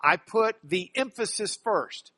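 A man's voice: sits high, lively intonation, slow pace, pushed and bright, no echo. A man who works as a trial lawyer teaching a class from slides, folksy and emphatic, with joking asides.

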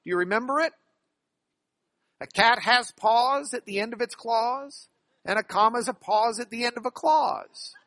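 A man's voice: extremely high pitch, moderate pace, fairly bright tone, no echo. A man who works as a trial lawyer teaching a class from slides, folksy and emphatic, with joking asides.

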